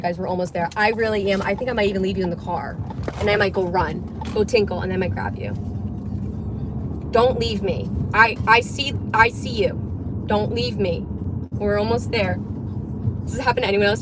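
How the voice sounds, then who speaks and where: A young woman livestreaming from a car, chatting in a rambling way and swearing casually. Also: mid-range voice. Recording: livestream in a car with road noise. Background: car and road noise.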